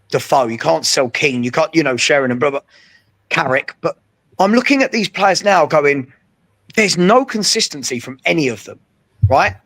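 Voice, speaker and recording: A man, co-hosting a casual football chat, emphatic and often checking agreement with a quick question. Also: fairly high pitch, a bit bright. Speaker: co-host.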